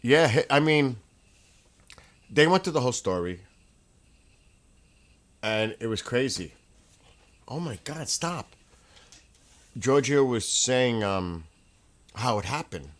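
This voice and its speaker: A man hosting his own livestream from a room at home, telling casual, rambling stories in an excitable way, with restarts and laughs. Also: mid-range voice, slow, pauses often. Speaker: livestream host.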